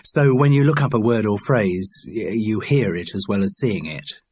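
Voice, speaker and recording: A man's voice: on the low side, moderate pace, darkish tone, slight background noise, natural voice. A man voicing a firm, businesslike woman who produces recordings, in an audiobook.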